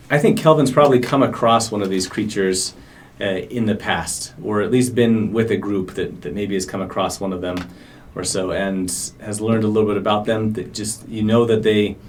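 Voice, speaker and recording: Low-voiced hesitant game master. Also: male voice, a little hiss or hum. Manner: hesitant, lots of ums and uhs. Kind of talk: narrating a tabletop game. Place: game store.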